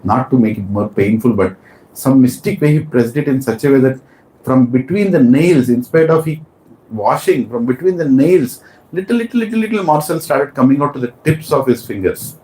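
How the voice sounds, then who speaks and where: A man telling a sacred story as a preacher in a temple hall, animated and asking his listeners questions. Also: mid-range voice, normal speed, slight background noise. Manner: animated, asks the audience questions. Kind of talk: storytelling sermon. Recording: roomy hall with faint ambience.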